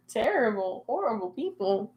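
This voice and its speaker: A young woman hosting a relaxed livestream and talking straight to her chat. She is chatty and teasing, and she giggles a lot as she reads comments and spins fun ideas. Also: on the high side. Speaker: livestream host.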